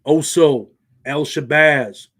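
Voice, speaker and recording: A man's voice: on the high side, takes it slowly, a bit bright. A man with a Southern accent hosting a live stream from his home office, talking in laid-back street slang. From Indiana. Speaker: channel host.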